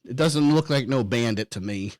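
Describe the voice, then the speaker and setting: A man hosting a podcast in casual chat, excitable, laughing often and swearing a lot. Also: medium pitch, normal speed, low-quality recording. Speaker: podcast host.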